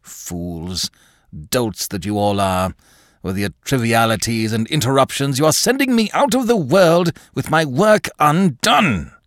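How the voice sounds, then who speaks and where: A man's voice: on the low side, big pitch swings, normal speed, no echo, clean studio sound. A man voicing a pompous, absent-minded older scholar who swings between grandeur and irritation. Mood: irritable. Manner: grandiose then irritable and dazed.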